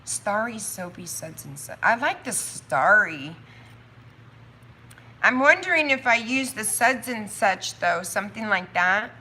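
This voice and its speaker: A woman hosts her own live stream in a loose, chatty way. She thinks out loud, drifts into quick asides and laughs easily. Her voice is bright and clear, at a middling pitch for a woman. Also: very animated, a little hiss or hum. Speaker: soap maker hosting a live stream. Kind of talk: casual livestream chat.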